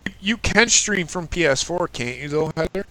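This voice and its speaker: A man with a bright, forceful voice hosts a casual stream, ribbing his guest, swearing freely and breaking into loud laughs. His talk is loose and chatty. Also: a little high, animated, normal speed. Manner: joking, swears, laughs loudly. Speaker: stream host. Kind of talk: casual chat.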